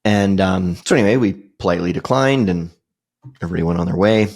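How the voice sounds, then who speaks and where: A man's voice: low-pitched, fast talker, a little mellow. A middle-aged man hosting a podcast, telling a personal story in a casual, rambling way with lots of fillers and restarts. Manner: rambling, loose delivery with many fillers and restarts. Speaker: podcast host.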